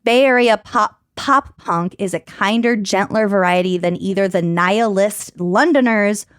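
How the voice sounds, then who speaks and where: A woman's voice: medium pitch, measured pace, smooth, no room sound, studio quality. A woman from Minnesota co-hosting a podcast, reading quotes from an article and riffing on them in casual chat. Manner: reads quotes aloud, then riffs casually with crude jokes. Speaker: podcast co-host.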